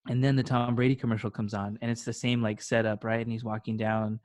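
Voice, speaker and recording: A young man co-hosting a casual podcast, retelling stories with lively acted-out quotes. His voice sits in a middle register and is recorded close and dry, with no room sound. He talks loosely, full of "like" and "right?". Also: medium pitch, quick pace, no echo. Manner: animated storytelling, acts out quotes. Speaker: podcast co-host. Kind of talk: casual chat.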